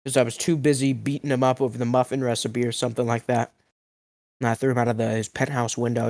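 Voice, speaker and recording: A young man rambles through an absurd tall tale in an ordinary middle-pitched voice. His delivery is mock-outraged, lurching from mumbling to yelling, and his voice cracks now and then. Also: flat delivery, fast. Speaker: food review vlogger. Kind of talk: absurd comedic storytelling.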